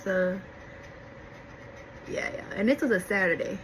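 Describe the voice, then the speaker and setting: A young adult woman vlogger telling a story-time in casual, animated chat, talking straight to her viewers. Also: medium pitch, a little slow, slight background noise, poor audio. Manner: animated, chatty, addresses viewers as y'all.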